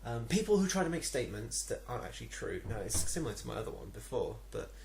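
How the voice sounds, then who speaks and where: A man's voice: medium pitch, very animated, quick pace, creaky, darkish tone, slight background noise. Irritated young Englishman ranting. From England. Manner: irritated, rambling with many ums and restarts. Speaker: vlogger. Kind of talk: ranting to camera.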